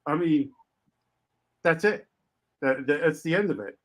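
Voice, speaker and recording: Lively, high-voiced male podcast host. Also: a little slow. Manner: loose and conversational, with many restarts. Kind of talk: casual chat.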